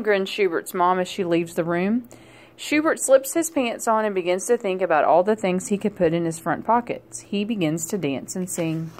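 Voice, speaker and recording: A woman narrating a children's picture book aloud in a clear, gentle storytelling manner. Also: lowish voice, moderate pace. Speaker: storybook reader.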